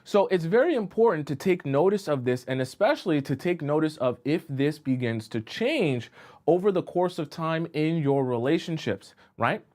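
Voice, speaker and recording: A man's voice: a little high, expressive, moderate pace, darkish tone. Male relationship coach, live-stream advice talk, patient explainer who keeps asking if the audience follows. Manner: keeps checking in with listeners, asking if they follow.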